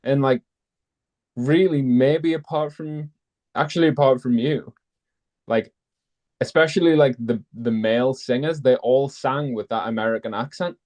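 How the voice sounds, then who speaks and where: A man chats casually, rambling through his stories with plenty of fillers. His voice sits at an ordinary middle pitch. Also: measured pace, a little mellow. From North East England. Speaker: participant in an online group chat. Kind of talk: casual chat.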